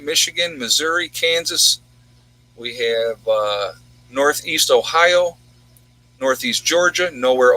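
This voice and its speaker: A man's voice: a little high, pushed and bright, poor audio. A man hosting a casual livestream, chatting with viewers and rambling through their home towns. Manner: rambling, reads out viewers' locations. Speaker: livestream host.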